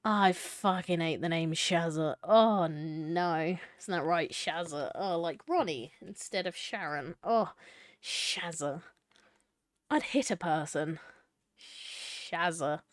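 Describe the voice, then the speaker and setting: A woman's voice: on the low side, slow, no room sound, studio quality. A young adult woman live-streaming a choice game, reading it aloud and chatting playfully with viewers, laughing and swearing casually.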